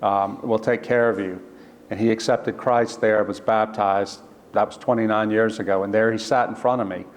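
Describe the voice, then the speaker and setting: A man, an author, telling a personal story in an earnest, halting way, restarting phrases and quoting other people. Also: on the low side, steady tone. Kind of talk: storytelling talk. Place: church. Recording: long church reverb.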